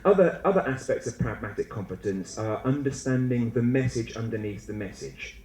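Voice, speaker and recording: A man lecturing a room of teachers with a lively, swinging delivery and a playful sense of humour. His voice carries through a roomy, echoey hall. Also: medium pitch, brisk, slight background noise. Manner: animated, humorous, acts out student and teacher voices. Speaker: conference speaker.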